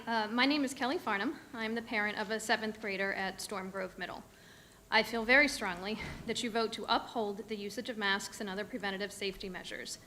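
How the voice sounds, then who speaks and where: A woman addresses a school board from the podium of a public meeting room, firm and direct. Her voice is bright and crisp, with a faint room hum behind it. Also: medium pitch. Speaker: parent speaking at public comment.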